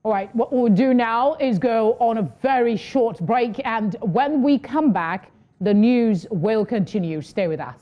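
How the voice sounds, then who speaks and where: A woman presenting TV news and interviewing a guest, composed and brisk. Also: on the high side, muffled recording. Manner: composed, brisk, with some fillers. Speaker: news anchor.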